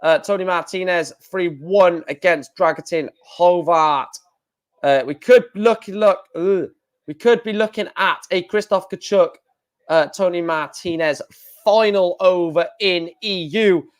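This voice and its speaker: Excitable man commentating live. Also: sits high, measured pace. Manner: excitable, shouting at big moments, repeating "wow". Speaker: live stream host.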